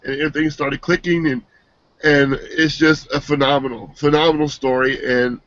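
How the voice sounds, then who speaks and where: A man's voice: a little high, flat delivery, a bit bright, no room sound. Brief: earnest man, emotional testimonial, stop-start delivery, muffled dry lo-fi audio. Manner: earnest and emotional, halting with many restarts. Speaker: team member giving a testimonial. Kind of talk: personal testimonial. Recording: dull, dry lo-fi sound.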